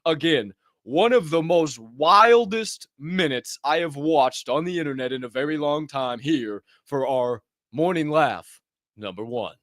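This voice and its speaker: A man hosting a morning motivational show, talking playfully with loud bursts and hushed asides between sips of coffee. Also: on the high side, expressive, unhurried, no room sound, clean studio sound. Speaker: podcast host. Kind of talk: energetic morning show monologue.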